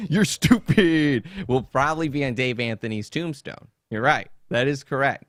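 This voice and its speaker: A man's voice: medium pitch, moderate pace, fairly bright tone, no room sound, clean studio sound. A man hosting a podcast on his own, talking in a profane, sarcastic, rambling way. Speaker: podcast host. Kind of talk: casual solo podcast monologue.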